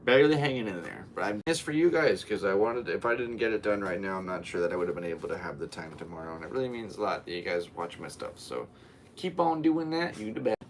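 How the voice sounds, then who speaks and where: A man's voice: low voice, animated, quick pace, slight background noise. Tired young man rambling on his podcast. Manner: rambling and tired, with goofy voices and playful yelps. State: worn out, yawning. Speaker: podcast host. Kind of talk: solo podcast chat.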